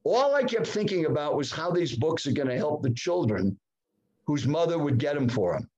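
A man in his seventies, a guest in a podcast interview, telling a personal story with dramatic swings in pitch. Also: sing-song, normal speed, a little mellow, highs cut off. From United States. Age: 70s. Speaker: guest speaker.

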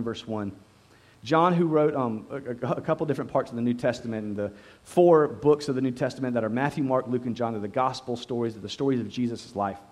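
A pastor preaches to a live congregation at a church service, speaking conversationally, repeating words, often saying "you know," and asking the congregation questions. His voice is mid-range and a little mellow.

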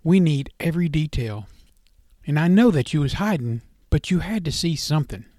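A man's voice: a little high, animated, normal speed, a little mellow, dry recording, clean studio sound, lightly acted. A man voicing a street-smart male memory thief who talks in a firm, urging, blunt way.

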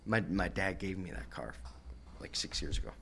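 Lively young man telling fight stories. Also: low-pitched, normal speed, creaky, slight background noise. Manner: animated, swearing, acts out quoted voices. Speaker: professional MMA fighter guest. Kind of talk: casual podcast interview storytelling.

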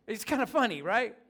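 A man's voice: high voice, a bit bright. A man preaching a sermon as pastor, in a casual, joking, conversational way.

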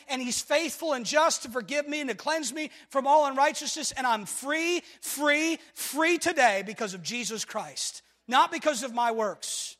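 A man with a very high voice preaches a sermon in a church hall, and his words ring out with a long reverb. He jumps from loud, shouted lines to near-hushed ones and keeps calling on the congregation with repeated refrains. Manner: repetitive rhetorical calls to the congregation. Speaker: pastor. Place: church sanctuary.

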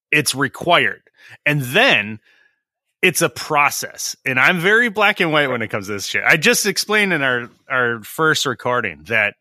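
A man's voice: medium pitch, sharp tone, no room sound, clean studio sound. A middle-aged man on a podcast, a licensed tradesman who rants bluntly, swears freely and acts out the exchanges he describes. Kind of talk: casual podcast chat.

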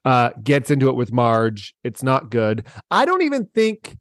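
A man's voice: medium pitch, huge pitch swings, unhurried, fairly bright tone, no room sound, studio quality. A man co-hosting a podcast, chatting casually and jokingly about a reality show and laughing often. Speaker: podcast co-host.

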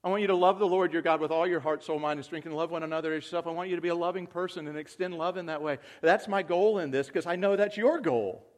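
A man preaching a sermon, moving from quiet, reflective talk to loud, excited calls to the congregation. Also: a little high, fast, few pauses. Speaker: pastor.

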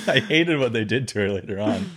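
A man's voice: lowish voice, expressive, fairly quick, fairly bright tone, no room sound, studio quality. A man hosting a casual podcast chat with friends, joking, laughing often and trailing off mid-sentence. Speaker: podcast host.

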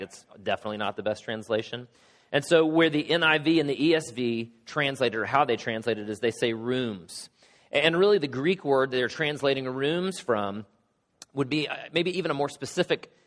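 A middle-aged male pastor with a cold and a hoarse voice, preaching a sermon with casual joking asides. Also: medium pitch, a bit bright. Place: church sanctuary. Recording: long hall reverb.

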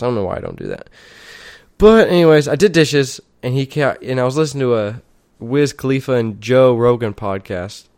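A young man spins a loose, profane story, doubling back and correcting himself as he goes. His voice sits at a middle pitch, recorded close and dry with no room sound. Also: darkish tone, clear, resonant tone, no room sound. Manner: rambling, heavy swearing, restarts and asides. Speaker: vlogger telling a story. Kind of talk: casual storytelling.

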